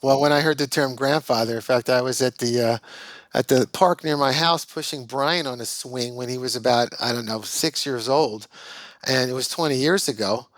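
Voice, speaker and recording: A man in his sixties, a guest on a podcast, recalling anecdotes in a relaxed, casual conversation. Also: medium pitch, moderate pace, dry recording. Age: 60s. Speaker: podcast guest, recruiting executive.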